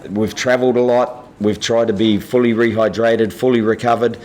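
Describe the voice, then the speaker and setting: A head coach at a press conference, answering in a measured, halting way with frequent restarts. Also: male voice, medium pitch, little pitch movement, a little mellow.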